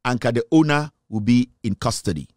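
A man's voice: mid-range voice, a little fast, dry recording, clean studio sound. A man with a Ghanaian accent giving emphatic political commentary, mixing Twi and English and firing off rhetorical questions. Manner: forceful, hammering rhetorical questions.

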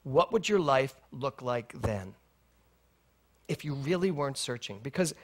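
A husky, medium-pitched male voice belongs to a middle-aged minister giving an unhurried sermon at a spiritual center. He recounts a personal tale with lots of laughter, animatedly acting out the exchanges.

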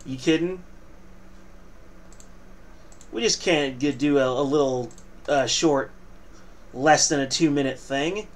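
A man's voice: fairly high pitch, normal speed. A man hosting a casual news commentary vlog, reading articles aloud and adding joking, playfully boastful asides.

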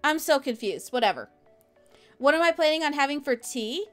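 A woman's voice: high-pitched, animated, moderate pace, a bit bright, soft background music. A woman live streamer chatting casually from home while she plays a game, rambling as she answers viewers' messages.

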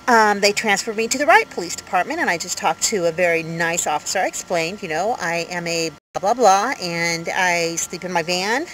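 A woman's voice: on the low side, a little hiss or hum, low-quality recording. Chatty woman in her fifties, rambling. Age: 50s. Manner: rambling, animated storytelling with many fillers. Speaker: vlogger. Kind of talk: casual vlog talk to camera. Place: inside her van.

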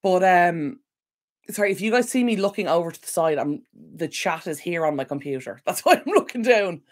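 A woman's voice: fairly low pitch, expressive, moderate pace. A woman hosting a casual home livestream Q&A, rambling and apologetic, easily sidetracked while recovering from illness. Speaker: decluttering channel host. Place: home room at a computer. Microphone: desk microphone.

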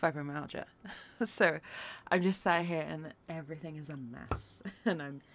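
Her voice sits low, steady in intonation and moderate in pace. She's a young livestreamer painting on stream, weary and drained, reading the chat out loud and answering viewers with encouragement.

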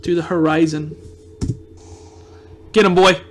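A man giving casual let's-play commentary on a video game, reacting excitably with loud outbursts of frustration. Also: sits high, moderate pace. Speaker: gameplay commentator.

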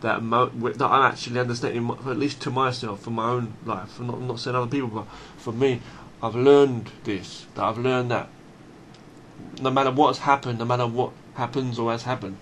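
A man's voice: mid-range voice, steady tone, a little fast, fairly bright tone, slight background noise. A man talking straight to camera in a blunt, emphatic monologue, swearing freely and often restarting his phrases. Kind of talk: unscripted monologue.

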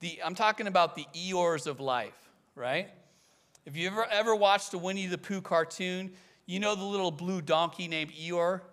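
A man delivering a sermon in a high, bright voice. He preaches with animation, dropping into playful impressions of the people he quotes. His tone is lifted and vivid throughout. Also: normal speed. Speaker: pastor.

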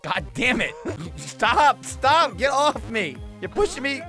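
A man playing a video game with a friend, shouting and swearing in exasperation. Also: very high voice, sing-song, slow pace, soft background music. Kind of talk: loud gaming banter.

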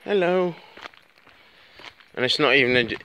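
A man rambling chattily into his phone while walking home on a dark road at night, swearing freely as he talks. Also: mid-range voice, animated, normal speed. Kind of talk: casual vlog monologue. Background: birds tweeting, faint outdoor noise.

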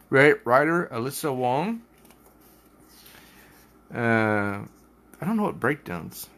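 Slow-talking man reviewing comics. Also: medium pitch, a bit bright. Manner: hesitant with names, self-deprecating.

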